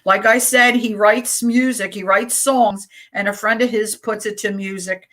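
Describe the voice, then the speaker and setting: A middle-aged woman hosting a community radio show, reading poems aloud slowly and deliberately, with casual chatty asides between them. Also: mid-range voice, fairly even intonation, a bit bright.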